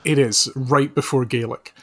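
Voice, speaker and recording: A man speaking as a podcast guest over a remote call, chatting in a dry, deadpan, mock-serious way. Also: mid-range voice, normal speed, breathy edge. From Scotland. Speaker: podcast guest, author and social researcher. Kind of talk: casual comedic chat.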